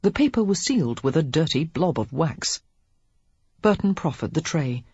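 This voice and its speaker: An audiobook narrator reading a historical romance in a steady, measured way. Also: medium pitch, breathy edge, no room sound. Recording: dull lo-fi audiobook recording.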